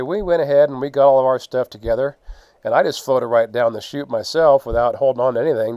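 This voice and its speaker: A man's voice: medium pitch, mellow, no room sound, highs cut off. A man casually narrating his own gold prospecting photos, rambling with fillers and laughs. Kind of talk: casual storytelling.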